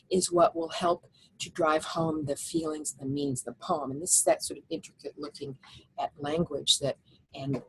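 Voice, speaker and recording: Husky low-voiced woman teaching a lecture. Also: rough recording. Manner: explanatory, with frequent fillers and restarts. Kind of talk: recorded lecture with slides.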